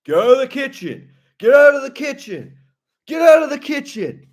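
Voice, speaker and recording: Bratty young guy, shrieking, whiny, volatile, high-pitched, loud outbursts. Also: animated, slow pace, full character voice. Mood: snapping. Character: screaming bratty young man, volatile temper. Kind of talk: comic impression in a casual chat.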